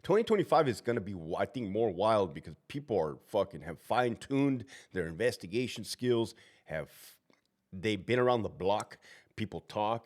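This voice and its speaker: A man's voice: fairly low pitch, normal speed. A middle-aged man, a former prison officer, giving a casual, profane monologue full of stories and asides. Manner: profane, animated storytelling with asides.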